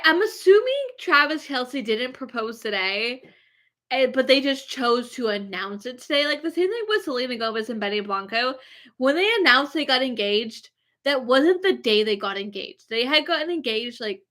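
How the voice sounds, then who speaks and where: A woman's voice: a little high, expressive, moderate pace, a bit bright. A woman vlogger chatting casually and rambling, with lots of fillers. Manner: gushing, filler-heavy, rambling. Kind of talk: casual chat.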